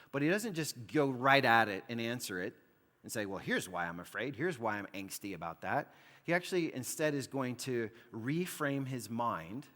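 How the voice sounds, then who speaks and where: A man's voice: mid-range voice, fairly bright tone. A man preaching a sermon with a mid-range voice. He explains things conversationally, filling his talk with casual "like"s. His voice rings with the long reverb of a church hall. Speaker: pastor.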